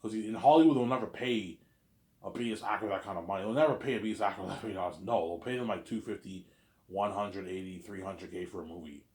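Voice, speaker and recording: A man's voice: low-pitched, fast, a little mellow, echoey room. A man in a casual, rambling monologue, often repeating "you know what I'm saying". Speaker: vlogger.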